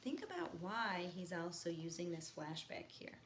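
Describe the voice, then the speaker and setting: A woman teacher reading a novel aloud to her students, stopping for quiet teaching asides. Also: lowish voice, sing-song, moderate pace. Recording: echoey room with faint background noise.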